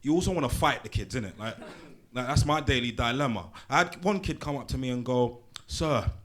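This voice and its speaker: A man's voice: medium pitch, expressive, fast talker, fairly bright tone. A young man doing a live stand-up set on a handheld mic in a small comedy club, crude and punchy, swearing and teasing the crowd.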